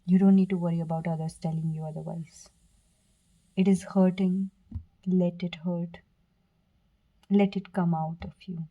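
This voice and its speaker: A woman giving a pick-a-card tarot reading, speaking softly and earnestly to the viewer, with fillers, restarts and brief whispers. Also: on the low side, flat delivery, moderate pace, long pauses, lo-fi sound. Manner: soft, earnest, direct address with fillers and self-corrections. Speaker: tarot reader.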